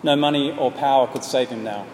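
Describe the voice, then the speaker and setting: A man telling a story as a sermon, speaking earnestly and at a measured pace. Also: mid-range voice, a little mellow. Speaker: preacher. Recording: echoey hall, faint background noise.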